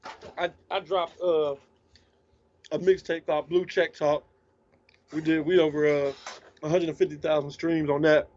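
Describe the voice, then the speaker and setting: A man's voice: fairly high pitch, level tone, normal speed, long pauses, darkish tone, a little hiss or hum. A man talking as a guest DJ in a casual interview, laid-back and slangy, sometimes eating while he talks. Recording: slightly dull lo-fi sound.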